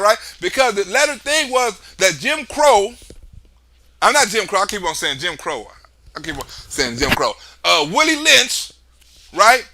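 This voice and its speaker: A man hosting a livestream, giving loud, excitable, profane political commentary and tagging many remarks with "right?". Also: extremely high pitch. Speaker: livestream host.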